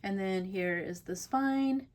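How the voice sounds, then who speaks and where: A woman's voice: medium pitch, slow pace, a little mellow. A woman hosting a casual papercraft tutorial, chatty and rambling, often laughing between thoughts. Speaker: papercraft channel host. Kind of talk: casual crafting tutorial chat.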